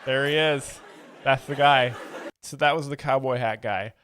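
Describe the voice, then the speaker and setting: A man's voice: mid-range voice, a little slow, background noise. A man hosting a livestream, chatting and laughing as he explains a comedy clip, on a close mic. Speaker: host reacting to a comedy clip. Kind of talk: livestream commentary.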